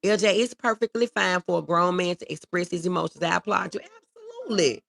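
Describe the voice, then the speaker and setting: Speaking quickly in a lowish, creaky, slightly bright voice, a woman hosts a relaxed livestream against slight background noise. She reads comments from viewers aloud and responds sincerely and reassuringly, returning to the same key phrases again and again.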